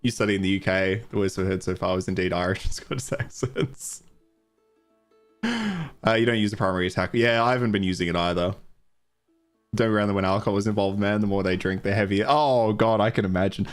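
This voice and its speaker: A man's voice: fairly low pitch, quick pace, faint music behind. A man with a mild Australian accent streaming a video game, chatting casually, thinking aloud and laughing easily. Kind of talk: casual live-stream commentary.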